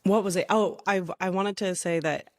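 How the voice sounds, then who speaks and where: A woman's voice: medium pitch, steady tone, normal speed, no room sound, studio quality. A woman in her thirties co-hosting a casual podcast, talking in an eager, emphatic way. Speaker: podcast co-host. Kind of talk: casual chat.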